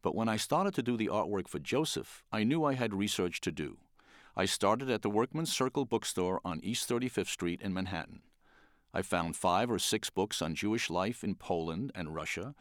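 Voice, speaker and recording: Animated older man telling wry stories. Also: lowish voice, dry recording, clean studio sound. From the Bronx, New York. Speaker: children's book illustrator. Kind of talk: storytelling talk.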